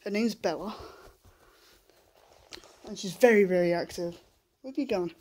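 Soft-spoken woman cooing to a puppy. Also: medium pitch, moderate pace. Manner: soft coaxing baby talk to a puppy, often half-whispered. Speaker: vlogger. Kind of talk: casual home vlog. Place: living room at home. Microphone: handheld camera.

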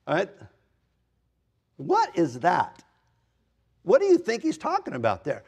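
A man in his fifties or older, a pastor giving an expository sermon in a conversational way, with self-deprecating asides and wide swings in pitch and loudness for emphasis. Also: huge pitch swings, unhurried, gravelly, breathy edge. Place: church sanctuary.

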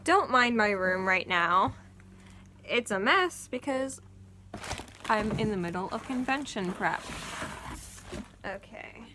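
Giggly, slow-talking young woman at home. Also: mid-range voice, expressive, background noise. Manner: chatty, giggly, self-deprecating. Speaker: cosplayer. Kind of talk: casual vlog narration while crafting. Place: home sewing room.

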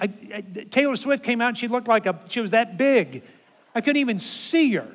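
An older man with a fairly high voice tells a self-mocking story from a church pulpit, swinging from easy talk into loud, exaggerated comic complaints. His voice rings out through a large sanctuary with a long reverb trailing every phrase. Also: sing-song, normal speed. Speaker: guest speaker. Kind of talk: humorous sermon storytelling.

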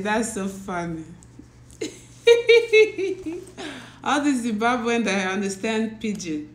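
A very animated, mid-range female voice fills a reverberant room on a phone or laptop livestream. She's a teacher hosting casually, talking slowly, laughing a great deal, and greeting each viewer as she reads their name.

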